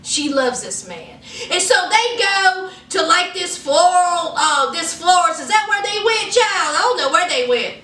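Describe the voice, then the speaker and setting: A woman recapping a reality show in sassy, animated casual commentary, acting out what the cast said. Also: very high-pitched, measured pace. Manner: sassy, animated, acts out quotes. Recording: echoey room, from far off.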